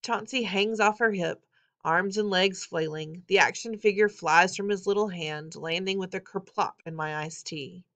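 Brief: female reader, wry expressive first-person novel narration, lowish voice. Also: normal speed. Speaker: audiobook reader.

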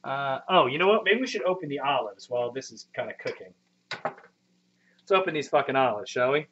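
A man's voice: medium pitch, expressive, a little fast, a bit bright, slight background noise. A man in his thirties live-streaming from a home kitchen, chatting with viewers in a rambling, profane, self-deprecating way. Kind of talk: casual live-stream chat. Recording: muffled lo-fi stream audio.

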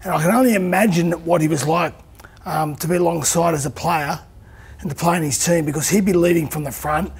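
A man's voice: on the high side, brisk, creaky, breathy edge. A man on a sports panel, making his point earnestly and repeating words as he thinks. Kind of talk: TV panel discussion.

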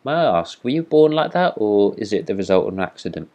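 A man's voice: on the low side, sing-song, fast, a little mellow. A man voicing a peaceable, homely female duck in a storybook reading, in a mild, practical manner.

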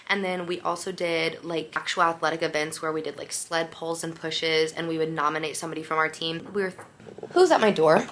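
A woman's voice: on the low side, pushed and bright. A young woman vlogging casually to camera, upbeat and chatty, a bit tired from jet lag. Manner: chatty, upbeat, recapping the day to viewers. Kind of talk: casual vlog chat to camera.

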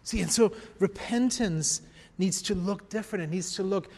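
A man preaching a sermon as pastor, emphatic, swinging from quiet to raised. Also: high voice, normal speed, big-room sound. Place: church.

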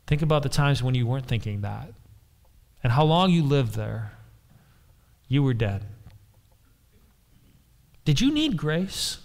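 A man's voice: mid-range voice, big pitch swings, measured pace, gravelly, long pauses. A man preaching a sermon as pastor, emphatic, repeating key phrases and putting questions to the congregation.

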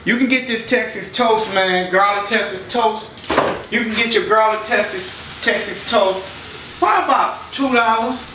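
A man's voice: high-pitched, unhurried. A man hosting a home cooking show, chatting casually and talking the viewer through each step in his kitchen. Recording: echoey kitchen, far from mic, sizzling noise. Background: frying and sizzling from the pan.

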